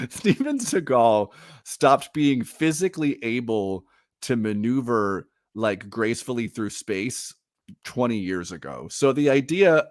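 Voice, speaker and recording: Animated man chatting, dry sound. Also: mid-range voice, no room sound. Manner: animated, laughs often, slips into mock voices. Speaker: podcast co-host. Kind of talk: casual chat.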